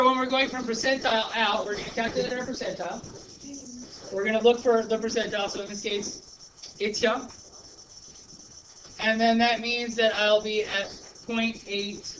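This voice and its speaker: Chatty teacher thinking aloud in class. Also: male voice, high-pitched, steady tone, moderate pace, pauses often. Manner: chatty, thinking aloud, working problems step by step. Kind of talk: classroom lesson. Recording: noisy classroom recording.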